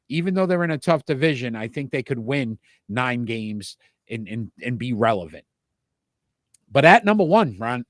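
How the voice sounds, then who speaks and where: A man's voice: mid-range voice, dry recording, clean studio sound. A man with a Rhode Island accent co-hosting a sports talk show, giving opinionated rankings and often restarting with repeated words.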